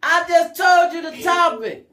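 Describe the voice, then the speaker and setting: A woman with a Philadelphia accent hosting a live call-in talk show, loud and hyped, shouting to her callers. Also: very high voice, animated, a little slow, echoey room. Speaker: radio talk show host.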